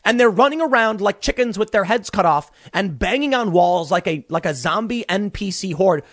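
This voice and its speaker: A man's voice: high voice, animated, normal speed, fairly bright tone, no echo. A young man hosting a political commentary show from a small closet studio, ranting animatedly and stammering through repeated words. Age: young adult.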